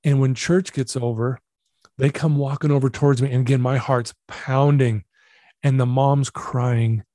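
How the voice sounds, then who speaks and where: A middle-aged man recounting a personal story as an interview guest, earnest and animated, acting out the dialogue. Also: mid-range voice, unhurried, no room sound, studio quality.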